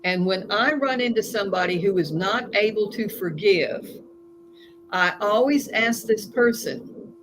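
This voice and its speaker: A woman speaks as a guest coach, earnest and emphatic as she tells her stories. Her voice sits at an ordinary middle pitch. The recording carries a clear layer of noise behind her. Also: normal speed. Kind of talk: conversational interview. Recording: noisy recording.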